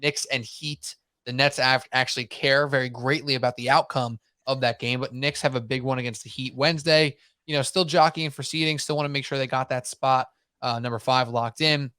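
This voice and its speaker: A man hosting a sports podcast in casual chat, talking in animated, rambling runs and mocking himself. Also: medium pitch, fairly quick, no room sound, studio quality. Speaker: podcast host.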